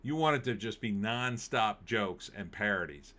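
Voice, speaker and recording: A man's voice: on the low side, animated, moderate pace, bright, forceful tone. A man hosting a show alone, chatting casually and giving opinions as he reads live chat and thinks aloud with fillers. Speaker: show host. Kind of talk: casual solo commentary reading live chat.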